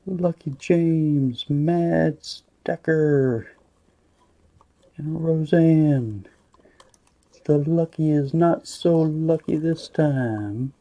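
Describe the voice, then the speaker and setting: A man running a live-stream giveaway in casual chat, murmuring asides and breaking into bursts of excitement at results. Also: a little high, drawn-out words.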